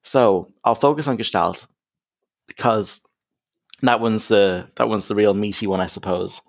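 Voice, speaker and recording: In an unhurried, lowish voice with some vocal fry, a young counsellor from Ireland talks informally in a podcast interview. He makes his points emphatically, often tossing in "you know" and "okay?".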